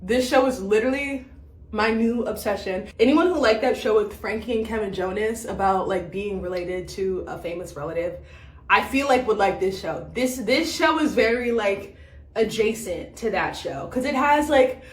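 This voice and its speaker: A young woman chatting casually as a vlogger, full of fillers and quick laughs. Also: mid-range voice, expressive. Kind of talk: casual chat about a reality show. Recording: echoey room.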